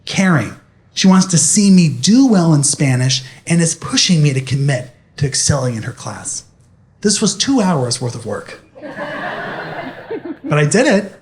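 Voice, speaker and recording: Animated young man telling a story. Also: fairly high pitch, measured pace. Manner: animated, addressing an audience. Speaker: speaker. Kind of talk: motivational storytelling talk.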